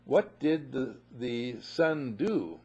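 A man preaching a sermon to a live audience, animated, acting out voices and often saying "you see", heard on a muffled lo-fi recording. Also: mid-range voice, very slow, husky.

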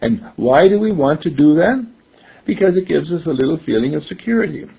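An older man with a husky, gravelly voice on the high side gives a conversational talk, speaking a little fast with lively intonation. He tells stories, acts out the voices of the people in them, and chuckles often, all on a dull lo-fi recording.

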